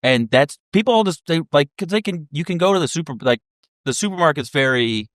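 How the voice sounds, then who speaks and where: A man's voice: on the high side, expressive, fairly quick, a bit bright, no room sound, studio quality. A man, a winery co-founder, speaking bluntly and repeating his points in a casual interview. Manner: blunt, emphatic, repeats himself.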